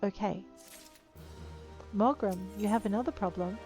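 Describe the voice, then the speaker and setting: A woman's voice: mid-range voice, a little slow, over music. A woman chatting playfully through her video game, talking to the creatures she meets. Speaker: game player. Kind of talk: let's play commentary.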